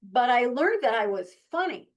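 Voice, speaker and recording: A woman's voice: on the high side, big pitch swings, moderate pace. A woman in her sixties, a guest telling candid, reflective stories about her life with frequent restarts. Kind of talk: reflective personal storytelling.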